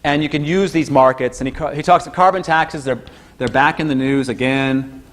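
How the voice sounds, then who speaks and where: The man lectures at a university in a relaxed, talkative way at moderate speed, his animation peaking in high-pitched outbursts when he mimics what others say.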